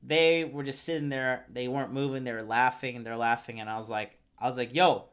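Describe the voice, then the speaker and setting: A young man with a mid-pitched voice hosts a dating-advice show. He talks in a loose, swearing, filler-heavy ramble and sometimes reads viewer comments aloud. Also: flat delivery, fairly quick, a bit bright, clean tone. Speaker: dating coach host. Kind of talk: casual storytelling and advice.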